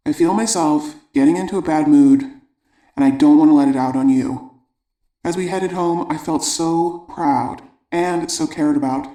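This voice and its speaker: A man narrating an audiobook, reading letters aloud in a measured, even way. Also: a little high. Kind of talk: scripted narration. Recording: roomy echo.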